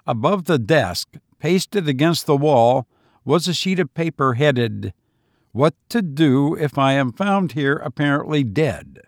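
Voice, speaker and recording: A man narrating a story in an even, measured reading voice. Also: mid-range voice, no echo, clean studio sound. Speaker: audiobook narrator. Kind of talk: scripted narration.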